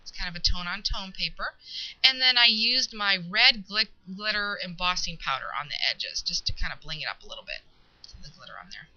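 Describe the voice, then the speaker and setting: A woman chatting casually through a craft show-and-tell, relaxed and pausing mid-sentence to find her words. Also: medium pitch. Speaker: craft video maker. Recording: dull lo-fi home video audio.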